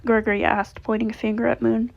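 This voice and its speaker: A woman reads a story aloud in a plain way, correcting small slips as she goes. Her voice is slightly high and gravelly. The recording sounds dull and lo-fi. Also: flat delivery, fast talker. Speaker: fanfiction reader.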